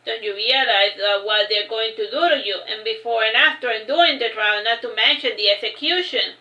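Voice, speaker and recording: A woman voicing an anxious male companion in a reading of her fantasy novel, slow and pleading. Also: a little high, bright, forceful tone, echoey room, muffled recording. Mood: alarmed.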